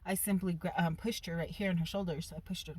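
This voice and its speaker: A woman vlogger telling a personal story in a casual, animated and emphatic way. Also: fairly low pitch, fast, background noise.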